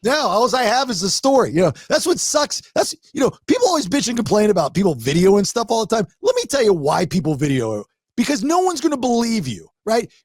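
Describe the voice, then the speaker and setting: A man hosts a casual podcast, telling radio stories with growing excitement. His pitch moves a lot as he talks, and the recording is close and dry with no room sound. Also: fairly quick, few pauses, dry recording. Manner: animated storyteller, rising excitement in anecdotes. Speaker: radio host. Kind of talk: casual podcast chat, storytelling.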